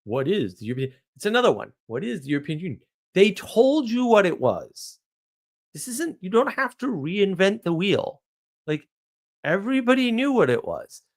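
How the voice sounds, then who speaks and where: A man hosting a live stream monologue, blunt and ranting, asking rhetorical questions and answering them himself. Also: normal speed. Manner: blunt, ranting, animated pitch swings.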